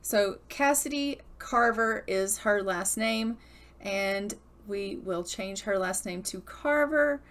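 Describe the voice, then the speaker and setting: A woman's voice: medium pitch, takes it slowly, a bit bright. Chatty woman narrating her game. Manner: chatty, storytelling, upbeat. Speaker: gaming YouTuber. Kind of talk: casual game commentary.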